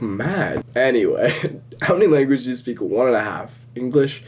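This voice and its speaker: A young man answering viewer questions in a relaxed, rambling way, chuckling often. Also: medium pitch, normal speed, slight background noise. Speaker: social media creator answering viewer questions. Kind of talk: casual Q&A vlog.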